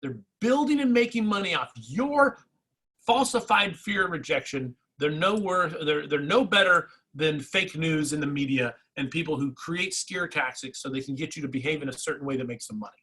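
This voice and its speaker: A man giving a motivational real estate coaching talk, energetic and repetitive, speaking straight to his agents. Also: a little high, normal speed, slightly rough, rough recording. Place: training session.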